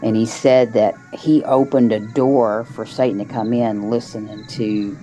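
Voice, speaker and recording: A woman telling a personal story as a guest storyteller, in a halting casual way with frequent restarts and fillers. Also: a bass voice, fairly even intonation, dark tone, faint music behind, rough recording. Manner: halting, with many restarts and "you know"s.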